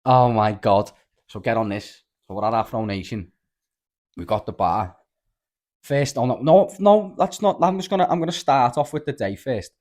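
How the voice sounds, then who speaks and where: A young man with a Liverpool accent hosting a podcast, telling stories in animated, casual chat full of swearing and "lad". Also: mid-range voice, moderate pace. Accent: Liverpool (Scouse). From Liverpool, England. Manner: animated storyteller, swears freely, lots of "lad" and "like". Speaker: podcast host.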